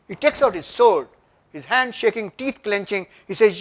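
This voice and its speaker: An older man with an Indian English accent delivers an emphatic motivational lecture at a workshop in a conference room. His voice is high and moderately paced, and he often puts questions to the audience.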